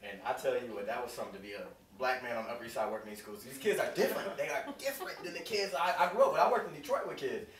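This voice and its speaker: Guy doing stand-up in a club, fast lively storytelling, roomy distant sound, crowd laughing. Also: mid-range voice. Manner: animated storytelling, acts out voices. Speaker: stand-up comedian. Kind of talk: stand-up comedy set. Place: comedy club stage. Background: audience laughing.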